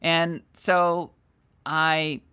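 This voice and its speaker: An older woman, a sales trainer and guest, telling a candid, self-deprecating story in an animated, conversational way. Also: low-pitched, drawn-out words, smooth.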